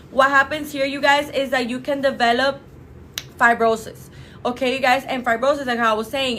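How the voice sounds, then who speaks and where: A woman's voice: high-pitched, fairly bright tone, slight background noise. A woman from a clinic talking casually and emphatically to viewers, full of fillers and "you guys.". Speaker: clinic representative. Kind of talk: casual promotional talk to camera.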